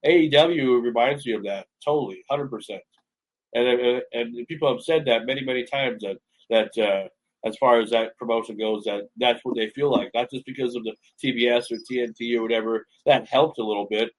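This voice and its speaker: A man's voice: medium pitch, brisk, poor audio. A man hosting a casual radio interview, chatty and enthusiastic, often repeating words as he talks. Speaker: radio show host.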